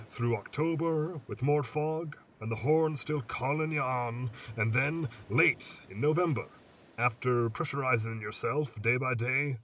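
A man putting on a brooding old lighthouse keeper, slow and hushed, musing to himself over the night sea. The voice sits back from a muffled mic, with a faint hiss underneath. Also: mid-range voice, distant mic, lightly acted.

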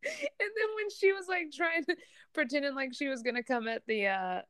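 Higher-voiced giggly woman, dry sound. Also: expressive, moderate pace, fairly bright tone, dry recording. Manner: chatty, giggly. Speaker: podcast co-host. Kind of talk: casual chat about a TV show.

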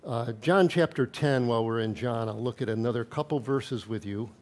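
Male pastor, mid-pitched, conversational sermon delivery with scripture readings and asides. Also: normal speed. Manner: conversational preaching, reads scripture aloud with asides and chuckles.

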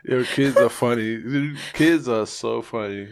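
A man co-hosting a podcast, talking in a laid-back, jokey way with drawn-out phrasing. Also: medium pitch, vocal fry, noisy background. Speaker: podcast co-host. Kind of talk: casual chat.

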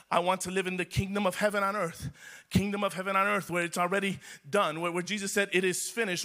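Bright-voiced, fervent male pastor preaching. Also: sits high. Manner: fervent preaching with repeated phrases. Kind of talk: sermon.

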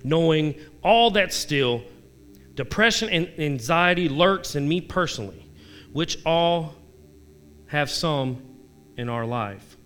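A man with a bright, forceful voice sits down for a casual devotional chat. He is candid and self-deprecating and keeps asking his listeners questions. A somewhat high-pitched voice carries his scripture readings. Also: expressive, slow pace, pauses often, clear, resonant tone. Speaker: devotional vlogger.

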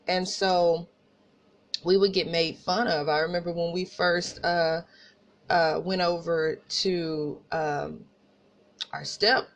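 A woman podcast host from Tulsa with an Oklahoma country accent, telling personal stories in a casual, animated way and talking straight to listeners. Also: lowish voice. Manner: animated, laughing asides, addresses listeners as y'all.

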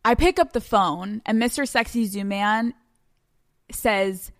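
A woman hosting a podcast, telling a personal story in a dramatic, profane way with quick bursts of speech. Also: mid-range voice, dry recording, studio quality. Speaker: podcast host. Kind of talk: storytelling monologue.

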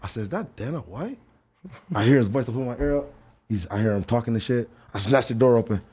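Husky guy rattling off a story super fast, swears a lot, podcast studio. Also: medium pitch. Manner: excitable, profane, talks to himself in acted asides. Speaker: podcast guest. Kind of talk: animated storytelling.

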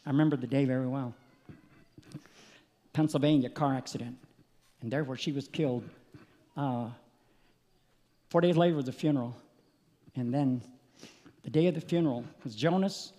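A male preacher giving an impassioned sermon, rising to loud peaks and dropping back to a low, earnest tone. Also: moderate pace, long pauses. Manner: impassioned, builds to shouting peaks then drops quiet. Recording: long hall reverb.

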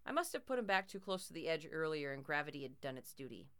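Clear-voiced woman reading a horror story. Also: deep voice, big pitch swings, fast talker, a bit bright. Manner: dramatic, tense storytelling. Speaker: narrator.

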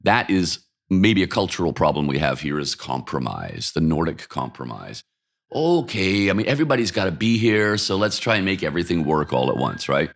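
Very deep-voiced opinionated Danish-born man. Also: a little fast. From Denmark. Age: 50s. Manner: opinionated, animated, with rhetorical questions and laughs. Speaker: interview guest, urban mobility expert. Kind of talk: casual conversational interview. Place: apartment by a busy street.

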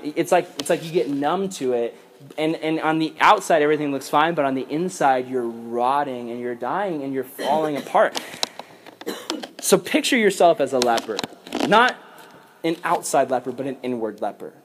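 A man giving a casual, animated sermon to young people, then leading a prayer. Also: fairly high pitch, moderate pace, slight background noise.

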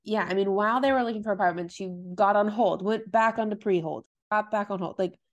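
A woman's voice: medium pitch, muffled recording. Chatty woman recapping a show. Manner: chatty, retells scenes with quick quoted voices. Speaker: podcast co-host recapping a TV episode. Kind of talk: casual chat.

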